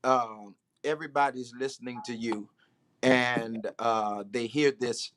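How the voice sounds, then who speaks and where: A man, a pastor hosting the interview, asking questions and speaking in a measured way with some pauses. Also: mid-range voice, steady tone, a bit bright. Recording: faint background noise.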